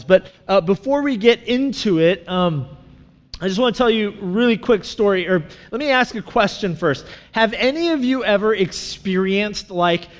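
A man with a notably high voice gives a sermon in a relaxed, chatty way, drifting through asides and "like"s as he tells a story. His voice carries a long reverb from the hall around him. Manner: casual, storytelling, many fillers and asides. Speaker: pastor.

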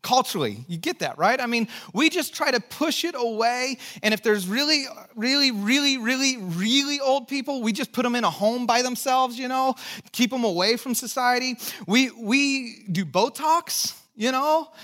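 High-voiced pastor preaching a sermon. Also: male voice, expressive, moderate pace, fairly bright tone. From California, United States. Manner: earnest, storytelling, with dry jokes.

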